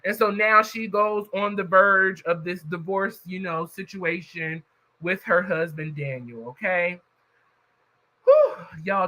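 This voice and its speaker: A man's voice: sits high, slow pace, pushed and bright, poor audio. A man casually recapping a story for his viewers, chatty and talking straight to the audience. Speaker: YouTube reviewer.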